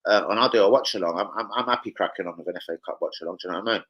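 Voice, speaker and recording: A young Londoner with a low-sitting voice talks rapid-fire while hosting a casual livestream indoors at home. He reads comments and swears freely in laddish banter, and the recording has its highs cut off.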